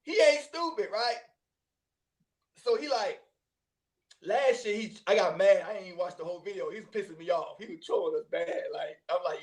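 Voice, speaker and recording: A man hosting a casual sports chat, slangy and quick to laugh. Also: sits high, expressive. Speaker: host.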